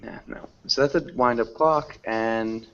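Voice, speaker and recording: Male teacher, patient questions, slow, dull lo-fi call audio. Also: mid-range voice, a bit bright, a little hiss or hum. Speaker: English teacher. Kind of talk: online class teaching.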